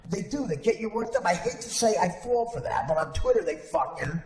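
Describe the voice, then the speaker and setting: Animated man in an echoey room. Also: high voice, brisk. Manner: animated, rambling, frequent restarts. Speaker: podcast host. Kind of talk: casual chat. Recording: echoey room with long reverb.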